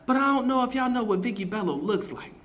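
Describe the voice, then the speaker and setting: Slangy, animated man in casual commentary. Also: very high voice, quick pace. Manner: slangy, laughs often, emphatic and animated. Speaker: marketing teacher and vlogger.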